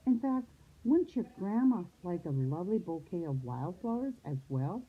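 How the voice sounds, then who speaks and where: A woman voicing a sly, charming male wolf who talks with smooth, overly polite manners. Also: fairly low pitch, sing-song, moderate pace. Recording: phone-like lo-fi sound.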